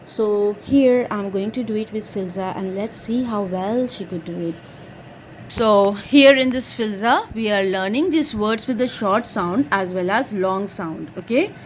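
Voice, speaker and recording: A woman's voice: mid-range voice, unhurried, a little hiss or hum. A woman drilling her young child on phonics, patiently spelling out letters one by one and praising each answer.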